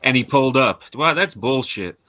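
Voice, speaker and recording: A man bantering and reacting quickly in a casual livestream chat. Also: medium pitch, lively intonation, pushed and bright.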